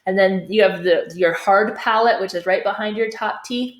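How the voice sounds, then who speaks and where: A woman's voice: mid-range voice, moderate pace. A woman choir teacher giving a singing lesson, explaining vocal technique and often checking in with "okay?". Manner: demonstrates sung phrases, checks in with "okay?". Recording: echoey room.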